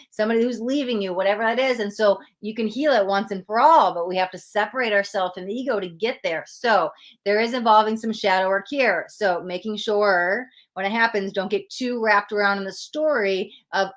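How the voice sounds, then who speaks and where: A woman's voice: medium pitch, a bit bright. Woman giving a live tarot reading. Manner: reflective, coaching, spiritual self-help talk; thinks aloud while pulling cards. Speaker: tarot reader.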